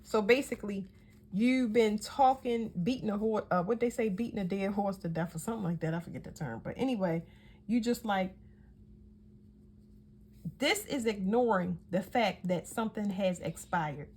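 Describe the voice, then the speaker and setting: A woman's voice: medium pitch, normal speed, darkish tone, husky. Chatty, emphatic woman reading tarot. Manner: chatty, emphatic, self-correcting. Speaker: tarot reader.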